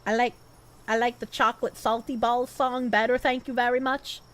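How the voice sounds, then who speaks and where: A young woman streaming live, chatting casually and thanking viewers, swinging from loud high squeals to low mutters. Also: level tone, moderate pace. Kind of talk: casual live-stream chat reading donations.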